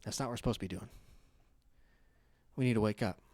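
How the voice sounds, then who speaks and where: A young pastor delivers his sermon at church like he's telling stories to friends, breaking into laughter and turning loud and lively as he goes. He has a fairly low voice and talks fast. The recording is dry.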